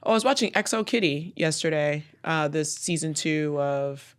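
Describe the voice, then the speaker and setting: A woman's voice: low voice, moderate pace. A woman co-hosting a podcast in casual chat, playful and laughing often, at times reading text aloud. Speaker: podcast co-host.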